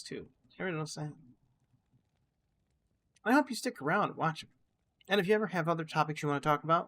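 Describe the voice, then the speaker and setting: A man's voice: a little high, a bit bright, slight background noise. Rambling reflective male gameplay vlogger. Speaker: gaming channel host. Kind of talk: casual gameplay commentary with musings.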